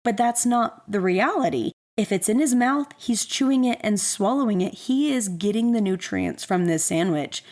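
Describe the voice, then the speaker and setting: A woman voicing the calm, patient inner voice of God, speaking in a gentle, questioning, unhurried way. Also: medium pitch, natural voice. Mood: gently reasoning.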